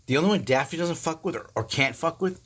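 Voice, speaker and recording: Husky guy in his fifties on a phone livestream, cussing a lot, kinda high voice. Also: fast talker. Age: 50s. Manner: profane, animated storytelling with laughs. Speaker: livestream host. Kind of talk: casual livestream chat.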